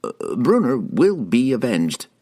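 A man's voice: medium pitch, wildly swooping pitch, a little slow, dark tone, breathy edge, pitched above the performer's own voice, heavily acted. A man voicing a flustered, kindly wizard in an audiobook reading, speaking in a stammering, earnest way.

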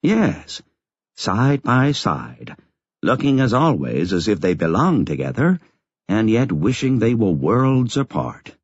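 A man's voice: on the low side, sing-song, slow pace, slightly rough, no room sound, dull audio, exaggerated voice. A man voicing a wry older nun.

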